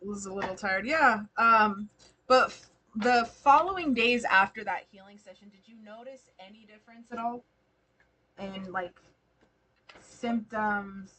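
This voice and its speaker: This tarot reader and spiritual healer speaks in a mid-range voice at an unhurried pace, with noise in the background. She does readings on a live stream, talking casually and with slang to her sitters and laughing a lot.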